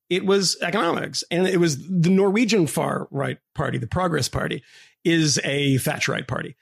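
Podcast co-host, male, rasp and fry in the voice, lively chatty delivery with laughs. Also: high-pitched. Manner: animated storyteller, laughs often, many restarts. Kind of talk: casual podcast discussion.

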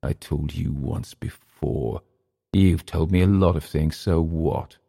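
A man's voice: low voice, fairly even intonation, measured pace, warm tone. A man reading aloud, voicing a brooding European who answers curtly through clenched teeth. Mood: seething. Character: tense, brooding older European man in the jungle.

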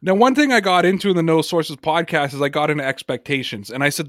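A man's voice: a little high, quick pace, few pauses, fairly bright tone, no room sound, clean studio sound. A man co-hosting a sports podcast, talking casually and emphatically, repeating words for effect. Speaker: podcast co-host.

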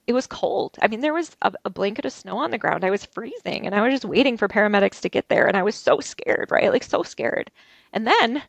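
A woman telling an interview host about a violent attack she survived, talking haltingly with many restarts. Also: medium pitch, gravelly, dry recording. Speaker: interview guest. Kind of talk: recounting a personal ordeal. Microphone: video call.

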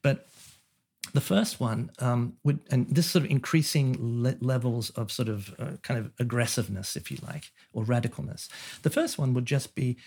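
A man's voice: medium pitch, normal speed, gravelly, darkish tone, slightly rough. A man, an economist guest on a podcast, explaining his ideas in a thoughtful way with frequent fillers and restarts. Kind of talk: conversational interview.

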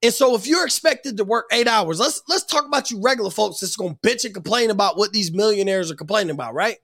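Angry high-pitched man ranting about sports. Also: fast, gravelly, fairly bright tone. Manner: angry, profane, emphatic ranting. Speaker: sports commentator. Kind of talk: profane sports rant.

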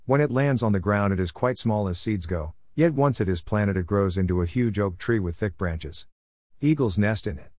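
A man reads scripture aloud with a measured, steady delivery, calling out verse numbers between passages. His voice sits fairly low, and the recording is dry and close with no room sound. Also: dry recording. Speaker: Bible reader. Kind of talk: scripted Bible reading.

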